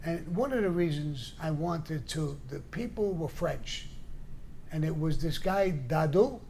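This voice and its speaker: An older man tells his stories bluntly and salts them with swearing. His voice sits a little high for a man and has a gravelly rasp. Faint room noise runs underneath. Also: lively intonation, unhurried, dark tone. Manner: blunt, profane, acts out the people in his stories. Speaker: show guest storyteller. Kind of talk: casual storytelling.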